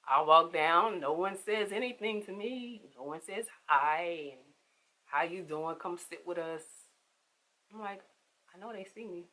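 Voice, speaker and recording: A young woman, telling a casual storytime vlog with animated, emphatic delivery and acted-out quotes. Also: fairly low pitch, measured pace, low-quality recording.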